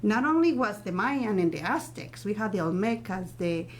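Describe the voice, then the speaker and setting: A woman from Mexico with a Mexican Spanish accent, talking casually as a guest, with many pauses, fillers and restarts. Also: medium pitch, expressive, a little hiss or hum. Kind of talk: casual chat.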